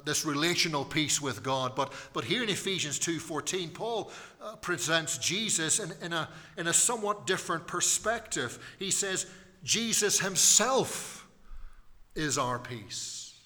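A man's voice: mid-range voice, bright, forceful tone, long reverb tail. A man preaching a sermon in church, emphatic and repeating key phrases for weight.

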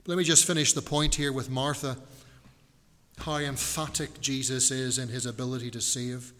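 A man's voice: mid-range voice, fairly even intonation, a bit bright, big-room sound. A male pastor preaching a sermon in an earnest, emphatic way, repeating and stretching key words. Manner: earnest, emphatic preaching with repetition and slowed stresses. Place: church.

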